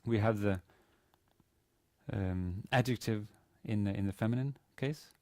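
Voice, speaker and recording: Low, dark-voiced man teaching Arabic grammar. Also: a little slow, no room sound. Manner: hesitant, explanatory, many fillers and restarts. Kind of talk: recorded university lecture. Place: university teaching room.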